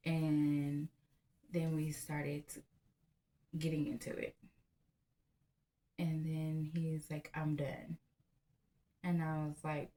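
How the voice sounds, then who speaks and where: A woman's voice: fairly low pitch, unhurried, long pauses. Blunt, profane woman in her thirties. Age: 30s. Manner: blunt, profane, animated storytelling. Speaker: vlogger. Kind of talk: candid storytelling to camera.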